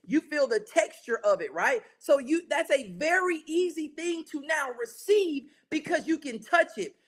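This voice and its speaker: A man teaching an interactive Bible study, keeping check on his listeners with frequent "right?" and leading call-and-response. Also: very high-pitched. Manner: energetic, keeps checking in with listeners.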